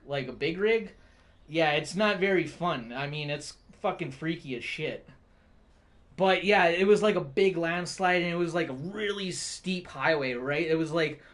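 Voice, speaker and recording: A man's voice: on the high side, fairly bright tone. A young man telling a rambling story in casual chat as a streamer, swearing a lot and breaking into laughs often.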